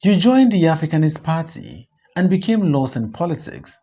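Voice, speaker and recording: An audiobook reader slowly reading a stage play aloud, stage directions included. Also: slightly rough. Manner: slow, measured reading with lively pitch swings. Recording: dull, muffled recording.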